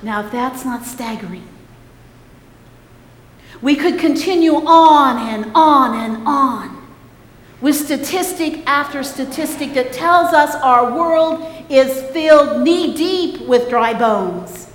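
Slow, high-voiced woman preaching in an echoey hall. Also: lively intonation. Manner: slow, emphatic preaching with calls for response. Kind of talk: sermon. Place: church sanctuary.

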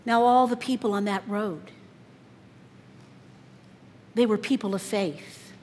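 A woman preaching a sermon, telling the story dramatically, her voice swelling loud and dropping soft. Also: mid-range voice, slow. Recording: long reverb in a large hall.

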